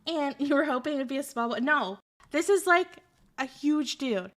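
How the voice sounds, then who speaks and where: A woman streamer telling a story in a casual, animated, rambling way with lots of fillers. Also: high voice, normal speed.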